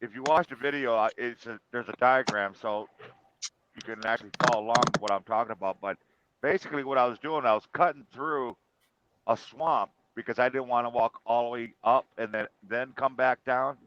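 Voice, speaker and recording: A man's voice: mid-range voice, a little fast, a bit bright, dull audio, a little hiss or hum. A man casually telling a personal story in a chat, rambling with fillers and restarts.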